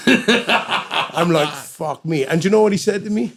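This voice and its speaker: This guest musician from Wales is a middle-aged man whose gravelly voice sits high and moves at a normal speed. Telling a story in a relaxed interview, he curses openly and acts out the people he's quoting.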